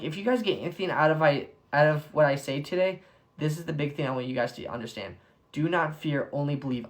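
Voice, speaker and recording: A young man giving a casual Bible devotional. He is excitable, says "like" constantly, and breaks into bursts of enthusiasm. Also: fairly high pitch. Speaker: devotional speaker.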